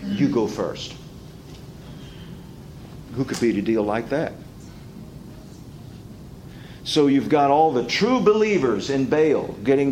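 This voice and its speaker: A man preaching an expository sermon, dropping quiet and then rising loud and mocking as he acts out quoted taunts. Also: medium pitch, a little hiss or hum, poor audio.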